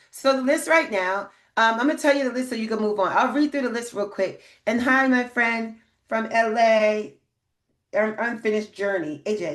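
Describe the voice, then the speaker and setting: A woman's voice: fairly high pitch, normal speed, reverberant. A woman hosting a live grant training, chatting emphatically, asking her viewers questions and reading their comments. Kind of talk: livestream business coaching.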